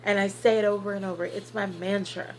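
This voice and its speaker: A woman's voice: medium pitch, little pitch movement, fairly quick, slight background noise, low-quality recording. A woman in her thirties talking earnestly in a personal vlog, encouraging viewers with lots of fillers. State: tearful at times. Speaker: vlogger. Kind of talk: personal weight-loss vlog.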